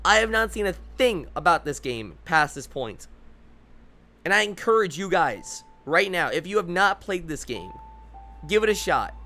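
Bright, lively young male streamer. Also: sits high, moderate pace, faint music behind. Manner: excited, rambling, laughs a lot. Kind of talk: gaming commentary.

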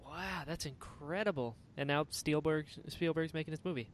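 A man's voice: a little high, normal speed. A man hosting a podcast, reacting with short enthusiastic remarks and asking questions. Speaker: podcast host. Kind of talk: casual interview.

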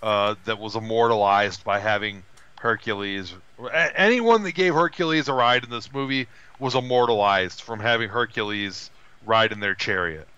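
Animated man retelling a movie. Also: moderate pace, clean tone, no room sound, highs cut off. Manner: animated retelling with high put-on voices for quoted characters. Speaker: podcast co-host. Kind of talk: casual chat, film review.

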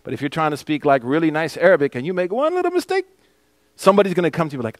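Man, imam giving a lesson, slightly high voice, dry close sound, Arabic readings mixed in. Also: racing, no room sound. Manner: mixes English with Arabic recitation, animated explanations. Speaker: imam teaching a class. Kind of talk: mosque lesson on a hadith text. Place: mosque classroom.

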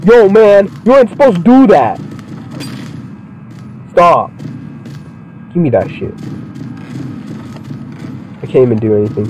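Profane, excitable gamer man, lively pitch. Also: slow, pauses often, a little hiss or hum, poor audio. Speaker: gamer playing a wrestling game. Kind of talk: casual gameplay commentary. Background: game music.

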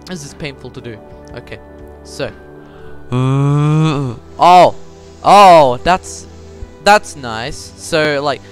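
A man playing a voice-controlled game and talking to his viewers in a chatty, confused way, now and then breaking into loud high yells, with his mic held close to his mouth. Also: animated, slow, faint music behind. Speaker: gaming YouTuber. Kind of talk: casual let's play commentary. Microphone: handheld mic held close to the mouth.

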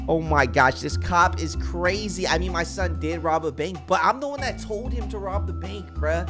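A woman gaming YouTuber giving excited roleplay commentary, exclaiming and acting out chat lines. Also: mid-range voice, normal speed, hardly any pauses, soft background music. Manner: animated, exclaiming, reads out and acts chat lines in a dramatic voice.

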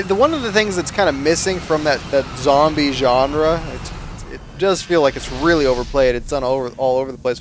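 A man's voice: medium pitch, slight background noise. A man giving casual gameplay commentary in a rambling, easygoing, self-mocking way. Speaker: let's play commentator.

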